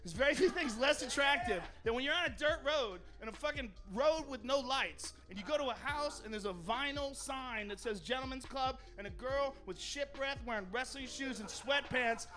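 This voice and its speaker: A man doing stand-up, telling a crude story in an animated way and acting out the characters. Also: extremely high pitch, normal speed, hardly any pauses, faint music behind. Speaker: stand-up comedian.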